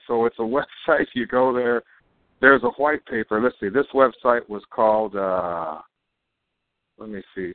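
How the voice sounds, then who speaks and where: A man's voice: medium pitch, very animated, unhurried, no echo. A man co-hosting a live call broadcast, chatting in a rambling way with fillers and frequent laughs. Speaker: co-host and company chairman. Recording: tinny phone-like dry sound.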